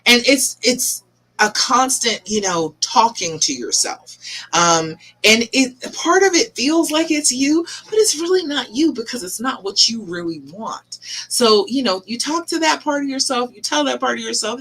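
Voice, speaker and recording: A middle-aged woman hosts a live advice stream as a relationship coach. Her voice is bright and swings widely in pitch as she coaxes and presses her points, calling her viewers by name. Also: lively intonation, a little slow, breathy edge. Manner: emphatic, coaxing, talks straight to viewers by name.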